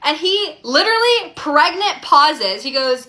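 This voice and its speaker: A woman in her twenties telling a casual storytime, chatty and animated, full of "like". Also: high voice, normal speed, hardly any pauses. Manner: chatty and animated, heavy use of "like". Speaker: storyteller in a clip.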